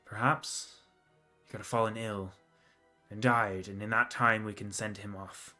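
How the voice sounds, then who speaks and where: A man voicing an angry king who coldly plans to fake his son's death, speaking in a curt, deliberate way. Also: lowish voice, steady tone, pushed and bright, faint music behind. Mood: cold anger. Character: furious, venomous king deciding his son's fate.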